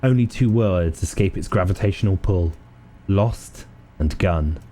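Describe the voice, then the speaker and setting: Man reading game text in a mellow voice. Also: low voice, unhurried, slight background noise. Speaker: video game player and narrator.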